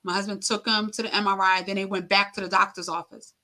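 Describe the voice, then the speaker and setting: Bright-voiced woman recounting a hard story. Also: medium pitch, little pitch movement. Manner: emotional, halting retelling with many fillers and acted-out quotes. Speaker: guest. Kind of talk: personal storytelling in an interview.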